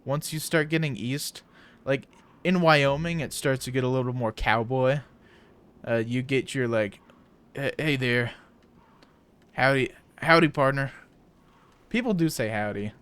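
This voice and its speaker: The gamer from South Dakota, with his Midwestern American accent, keeps up loose, rambling chat as he plays. His medium-pitched voice sounds clear and resonant, moving at a moderate pace.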